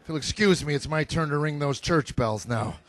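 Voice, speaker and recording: A middle-aged American man doing stand-up, telling stories about his sons with a deadpan, exasperated delivery to a live audience. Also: on the high side, moderate pace. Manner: deadpan storytelling with exasperated asides. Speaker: stand-up comedian. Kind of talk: stand-up comedy routine. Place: stage before a live audience.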